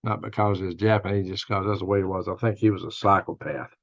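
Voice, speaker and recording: A man's voice: low voice, steady tone, quick pace, vocal fry, dry recording, dull audio. An older man hosting a casual live-stream, telling rambling stories and laughing at his own jokes. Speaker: host of a news and commentary stream.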